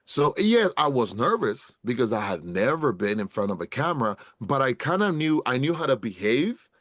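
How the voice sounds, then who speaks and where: Man, middle-aged, animated storyteller, street slang, plain mid pitch, dry close sound. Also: moderate pace, no echo. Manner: animated storyteller, acts out quotes, says "bro" and "brother" often. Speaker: podcast guest, actor. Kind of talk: casual storytelling in an interview.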